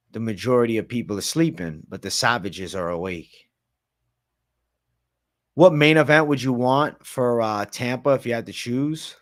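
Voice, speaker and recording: A man hosting a casual late-night livestream Q&A, chatting in a laid-back, slangy way and answering viewers. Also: medium pitch. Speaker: MMA livestream host.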